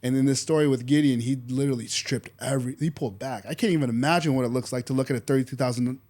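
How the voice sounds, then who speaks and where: A man hosting a faith podcast, chatting casually and retelling a Bible story with lively acted-out quotes. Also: mid-range voice, racing. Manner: animated storyteller, acts out quoted voices, says "dude" often. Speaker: podcast host.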